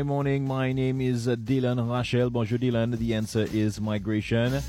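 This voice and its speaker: Easygoing male radio DJ over music. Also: medium pitch. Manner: playful, switches between languages. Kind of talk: casual radio chat. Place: radio studio.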